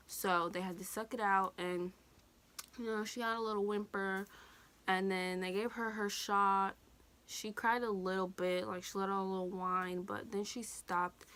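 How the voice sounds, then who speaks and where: A woman's voice: medium pitch, a bit bright. A teenage woman telling a personal story in a casual, candid vlog, swearing now and then. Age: teens. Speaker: vlogger.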